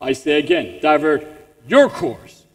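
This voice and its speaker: A man's voice: a little high, sing-song, unhurried, voice pushed down. A man with a French accent voicing a pompous, commanding British naval captain over the radio. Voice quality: commanding, self-important. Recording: long reverb in a large hall.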